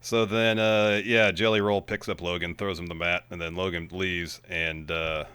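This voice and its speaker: A man's voice: low-pitched, little pitch movement, normal speed, bright, forceful tone, clean tone, dry recording. A man co-hosting a podcast, recapping wrestling in laid-back banter and chiming in often. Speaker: podcast co-host. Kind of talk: casual wrestling recap chat.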